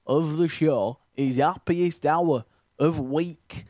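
A man doing a quick impression of a chirpy male TV presenter, drawn out and sing-song. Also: fairly high pitch, darkish tone, no echo, studio quality.

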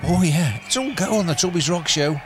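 A man's voice: fairly high pitch, expressive, a little fast. A man hosting a rock radio show, chatty and rambling, a little self-deprecating. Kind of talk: casual radio DJ chat. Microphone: studio microphone.

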